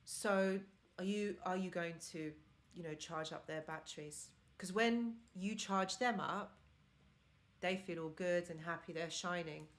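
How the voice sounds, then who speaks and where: Earnest woman with an accent, low-ish voice. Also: a little slow. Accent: non-native accent of English. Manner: earnest, encouraging, speaks directly to viewers. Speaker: live-stream host and relationship mentor. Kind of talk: live-stream advice talk to viewers.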